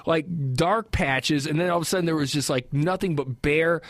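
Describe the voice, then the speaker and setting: A young adult man co-hosting a casual podcast, telling a story with lots of swearing and quick imitations of the people he talks about. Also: on the high side, dry recording, studio quality. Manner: animated storyteller, swears a lot, mimics people he quotes. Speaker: podcast co-host. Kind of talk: casual crude banter and storytelling.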